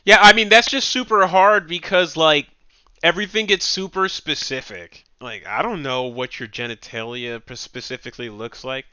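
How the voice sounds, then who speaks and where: Guy reacting to clips on stream, kinda mocking, bright crisp voice, dry sound. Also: on the high side, normal speed, no room sound, muffled recording. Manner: animated, mocking, laughs often. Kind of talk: casual reaction commentary.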